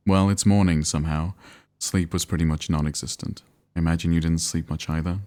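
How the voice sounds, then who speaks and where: A man reading out texts from an anxious, frazzled young man, in a casual deep voice. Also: fairly even intonation, fairly quick, dark tone, lightly acted. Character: anxious young man, friend, rattled and restless.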